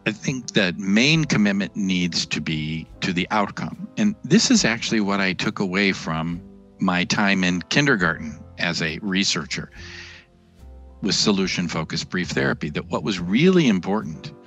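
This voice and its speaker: A man answering interview questions in a measured way, making his points with plain everyday analogies. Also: low-pitched, expressive, fairly bright tone, faint music behind. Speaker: interview guest, therapy researcher.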